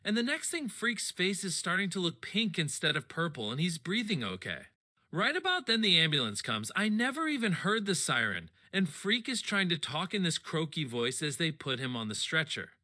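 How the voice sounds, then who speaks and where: Animated bright male storyteller. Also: on the high side, normal speed. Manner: animated, expressive. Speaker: audiobook reader. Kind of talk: first-person story narration.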